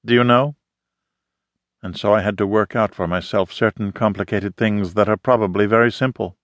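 A man's voice: lowish voice, fairly even intonation, normal speed, no room sound, lightly acted. A man voicing an intense middle-aged woman photographer with a slight foreign accent and formal, emphatic phrasing, read in an audiobook. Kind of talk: audiobook character reading.

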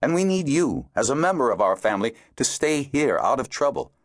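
A man's voice: medium pitch, very animated, fairly quick, no room sound, clean studio sound, pitched above the performer's own voice. A man voicing a fatherly male harper master who speaks in an earnest, emphatic way.

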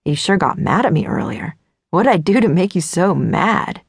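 Lady doing a cocky teen guy, lowish gravelly voice, laid-back and teasing, dry close sound. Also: expressive, moderate pace, no room sound. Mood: playful. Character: cocky teenage boy, playful and easygoing.

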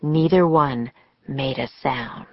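A woman narrating a children's audiobook in a slow, deliberate storytelling manner, recorded on a close studio mic. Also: a bass voice, no echo. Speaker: author and narrator. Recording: dry, slightly dull studio audio.

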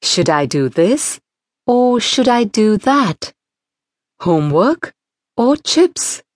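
A woman's voice: big pitch swings, slow pace, dry recording, studio quality. A woman putting on an eager little schoolgirl. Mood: wondering. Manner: eager, high and bright. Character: earnest homework-loving little girl. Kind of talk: children's audiobook reading.

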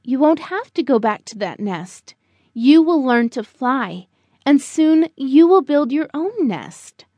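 A woman voicing a gentle mother bird in a children's storybook, sweet and soothing. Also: high voice, very animated, slow pace, no room sound, dull audio, heavily acted.

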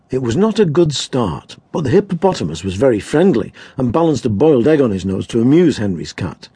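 Male narrator for children's story, expressive, husky, dry close recording. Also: mid-range voice, no room sound. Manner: gently amused, expressive. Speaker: audiobook narrator.

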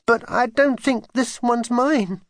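A man voicing a stubborn, proud young girl in a children's audiobook, with a high, childish pleading voice. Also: animated, unhurried, dry recording, studio quality. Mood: soft, tearful.

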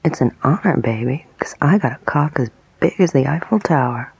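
A woman voicing a cruel, menacing male attacker in a whispered role-play, husky and breathy, taunting and commanding. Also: sits low, expressive, normal speed, a little mellow, dry recording, exaggerated voice, poor audio.

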